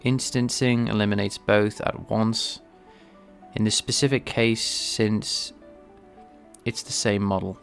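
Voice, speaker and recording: A man talking through his coding on a casual livestream, pausing and restarting as he thinks aloud. His voice sits low with a gravelly fry, and faint music plays underneath. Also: steady tone. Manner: thinking aloud, halting, many restarts and fillers. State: sneezing, a bit stuffy. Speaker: livestreaming game developer.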